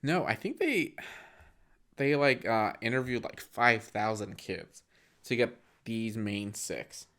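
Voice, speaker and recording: This young man co-hosting a movie podcast speaks slowly in a fairly low, expressive voice with a bright, forceful tone. He casually recounts scenes, acts out lines of dialogue, and uses a lot of fillers.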